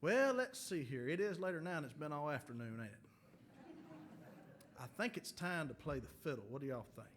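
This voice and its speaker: A man's voice: on the high side, lively intonation, a little fast, slight background noise. Folksy Mississippi man spinning stage yarns. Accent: Mississippi Southern. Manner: folksy, drawling storyteller who chuckles at his own jokes. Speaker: bluegrass bandleader and musician. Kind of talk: casual on-stage banter between tunes. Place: museum lecture hall with a live audience.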